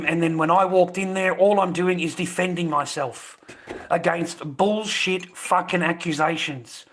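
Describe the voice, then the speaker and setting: A high-pitched, pushed, bright voice belongs to an Australian man in his fifties who rants bluntly and profanely on his live stream, repeating himself as he goes.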